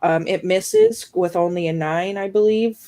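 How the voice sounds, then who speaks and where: A woman's voice: lowish voice, huge pitch swings, unhurried, mellow, no echo, clean studio sound. A woman playing a tabletop game, speaking hesitantly and thinking aloud about her moves. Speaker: player. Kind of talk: casual tabletop game play.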